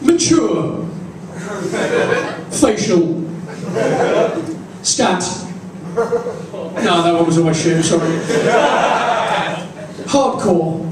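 A man compering a stand-up comedy night, telling stories in a dry, deliberate way that builds to crude punchlines. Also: high-pitched, lively intonation, over a noisy crowd. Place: comedy club stage. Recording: echoey club from far off.

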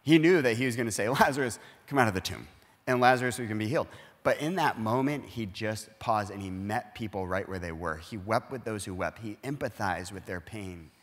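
A pastor delivers a conversational sermon in a church auditorium, earnestly laying out his points and playing out bits of everyday dialogue. His voice is on the low side and brisk, heard in a large hall.

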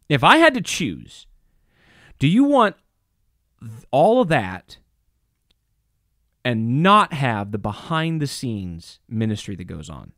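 A man's voice: fairly high pitch, a bit bright, no echo, studio quality. A man preaching a sermon as a pastor, impassioned and emphatic, repeating phrases for stress.

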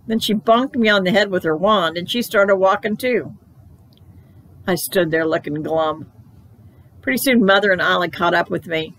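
Gravelly-voiced woman reading a children's book. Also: on the low side, normal speed, poor audio. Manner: expressive, playful. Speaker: library storyteller. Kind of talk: children's book read-aloud.

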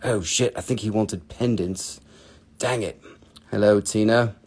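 Male host, 40s, gravelly and low-ish, loose jokey live-stream seller. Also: steady tone, unhurried, darkish tone. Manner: chatty, jokey, plays with a put-on accent. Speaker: host of a live crystal sales show. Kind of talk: casual live-stream selling.

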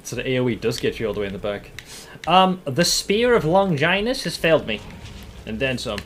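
A man streaming a game, commenting live, swearing often and yelling when startled. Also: medium pitch, sing-song, a little fast, a little hiss or hum.

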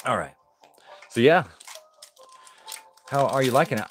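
A man's voice: medium pitch, expressive, measured pace, faint music behind. A man chatting casually on a live stream as he opens card packs, easygoing and laughing often.

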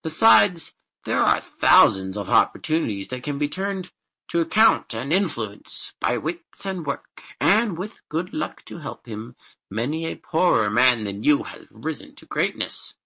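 A man voicing a wise, patient spirit godfather who speaks in a measured, counselling way. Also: a little high, very animated, gravelly, sharp tone, pitched above the performer's own voice, full character voice.

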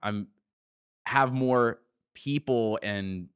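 A man's voice: mid-range voice, drawn-out words, clear, resonant tone, dry recording, clean studio sound. A young man who is a musician and church worker, chatting as a guest in a casual interview and telling stories with acted-out quotes. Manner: relaxed storyteller, acts out quotes.

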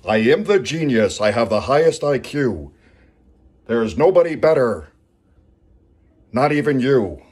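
A man putting on the voice of a boastful male wrestler who calls himself a genius, speaking slowly and proudly. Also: medium pitch, big pitch swings, a little mellow, voice pushed up. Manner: slow, proud, declaiming.

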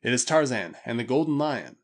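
A male audiobook narrator voicing a calm, commanding jungle hero who speaks in firm, terse commands. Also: medium pitch, a little fast, close to an everyday voice. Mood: proclaiming. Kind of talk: audiobook character voice.

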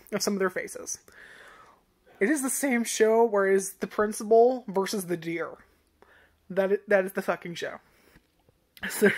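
A woman chats casually about a cartoon series she has just started. She rambles, swears freely and laughs at her own jokes, in a mid-pitched everyday voice. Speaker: anime reviewer. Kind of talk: casual chat.

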